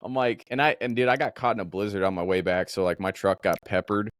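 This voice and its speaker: A man from Minnesota, a podcast host, telling a story in casual chat with animated swearing. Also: on the low side, fast, no room sound, studio quality.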